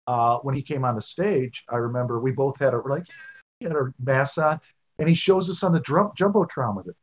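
A man's voice: mid-range voice, brisk, highs cut off. A man co-hosting a podcast, telling concert stories in a rambling, casual way with lots of fillers. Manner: rambling, with many fillers and restarts. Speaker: podcast co-host. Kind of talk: casual storytelling chat.

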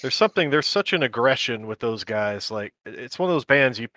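A man co-hosting a podcast in casual chat, enthusiastic and quick to laugh. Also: mid-range voice, lively intonation, bright, forceful tone, dry recording. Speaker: podcast co-host.

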